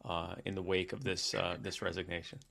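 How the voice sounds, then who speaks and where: A man's voice: low-pitched, little pitch movement, brisk, vocal fry, a bit bright. A man co-hosting a podcast, rambling and sarcastic in casual political comedy chat, with lots of filler words. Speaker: podcast co-host.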